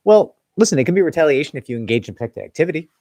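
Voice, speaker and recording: Lively-voiced man answering live legal questions. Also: a little high, racing, no room sound. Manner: conversational, loose, with frequent "like" and "right?"; reads viewer comments aloud, then answers them. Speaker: employment attorney hosting a live Q&A. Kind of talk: casual livestream question-and-answer.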